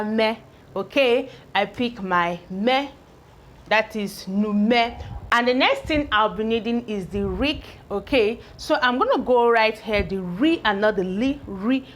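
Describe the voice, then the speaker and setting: An English teacher with a slightly high voice gives a phonics lesson at a board, building words from syllables and drawing out each sound. She talks slowly and deliberately, often pausing to ask whether her learners are following.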